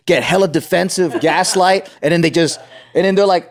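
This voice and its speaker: A man's voice: fairly high pitch, a little fast, vocal fry. A man co-hosting a podcast, ranting in an emphatic, profane way in casual chat. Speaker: podcast co-host.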